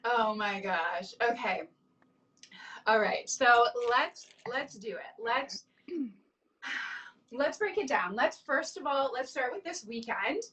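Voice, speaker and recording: A woman in her thirties hosts a casual chat and tells her stories with effusive emotion. Her voice sits fairly high. She sounds a little distant from the microphone. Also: animated, slow, pauses often, fairly bright tone. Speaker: host.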